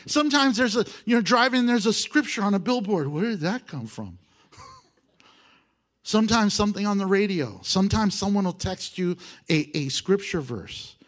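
A man preaching a sermon, exhorting his listeners with animated emphasis and chuckles. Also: high voice, normal speed.

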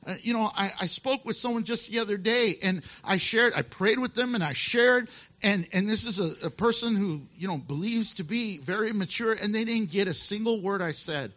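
A male pastor preaching a sermon, telling a Bible story with animated asides and laughter. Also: high voice, normal speed. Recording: dull lo-fi sound.

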